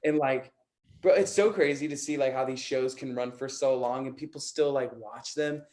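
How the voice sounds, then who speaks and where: A man's voice: mid-range voice, moderate pace, a little mellow. Earnest young man, casual host. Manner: earnest, says "like" and "bro" a lot. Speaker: radio show host. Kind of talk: casual chat.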